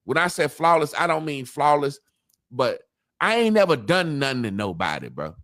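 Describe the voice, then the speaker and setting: A man with a slightly high voice and moderate pace tells stories in a casual chat as a podcast co-host. His storytelling is animated and profane, and the studio-quality recording has no room sound.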